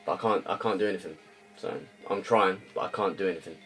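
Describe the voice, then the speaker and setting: This young gaming creator talks fast in a deep, slightly bright voice. Frustrated, he rants through his gameplay, swearing and repeating himself, with music faintly audible underneath.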